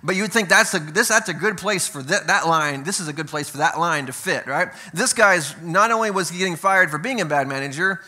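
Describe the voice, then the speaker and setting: A male pastor delivers a sermon with a bright, forceful tone and a voice sitting a little high. He mixes slow, careful scripture reading with casual asides, often asking "right?" to keep the congregation with him. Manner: conversational preaching with frequent "right?" check-ins.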